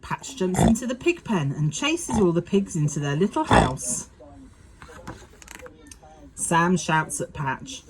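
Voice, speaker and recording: A woman reading a children's farmyard story aloud in a slow, sing-song telling. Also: fairly low pitch, sing-song, a little hiss or hum. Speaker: storybook narrator.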